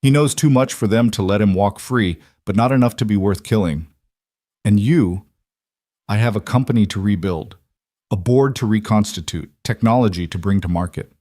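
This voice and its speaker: A man's voice: lowish voice, normal speed, warm tone, no echo, studio quality, natural voice. A man voicing a fierce woman executive. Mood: earnest. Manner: firm, emotional.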